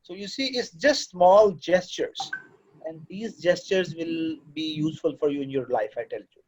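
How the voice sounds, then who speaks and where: A man's voice: fairly high pitch, moderate pace, darkish tone, rough recording. A man lecturing students in a paternal way, slipping into at times. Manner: fatherly, lecturing, switches into Urdu. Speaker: course director and lecturer. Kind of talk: classroom talk to students. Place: classroom.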